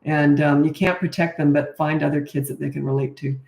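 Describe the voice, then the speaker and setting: A woman's voice: sits low, flat delivery, fairly quick, gravelly, a little mellow. A middle-aged woman from Canada, a parenting coach answering viewer questions in a blunt, matter-of-fact casual chat. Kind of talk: casual livestream Q&A. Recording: echoey room.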